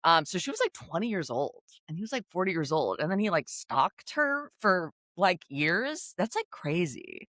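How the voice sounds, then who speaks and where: A woman co-hosting a casual recap chat, animated, laughing often and acting out quotes. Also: fairly low pitch, moderate pace, hardly any pauses, no room sound, clean studio sound. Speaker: podcast co-host.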